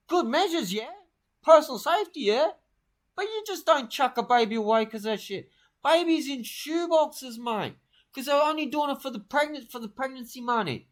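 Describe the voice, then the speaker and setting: A man's voice: very high voice, lively intonation. A man, rambling through crude, boastful comic tall tales. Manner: brash, crude, rambling, fast-talking boasts.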